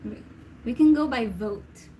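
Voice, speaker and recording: Woman, fairly high voice, casual livestream chat, giggly, reads comments out, faint background hiss. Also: unhurried, warm tone, rough recording. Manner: chatty, reads viewer comments aloud and laughs often. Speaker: tarot reader hosting a live Q&A.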